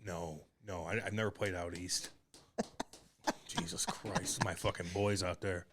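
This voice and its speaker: A man's voice: low voice, unhurried, background noise. A man co-hosting a podcast, swearing constantly and telling stories in rowdy casual banter. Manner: profane, loud, doing mocking impressions. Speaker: podcast co-host.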